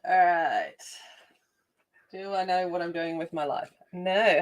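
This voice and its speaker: An Australian woman hosting a casual colouring livestream. She chats while she works, greets viewers by name and thinks out loud. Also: on the low side, takes it slowly. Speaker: adult colouring livestream host.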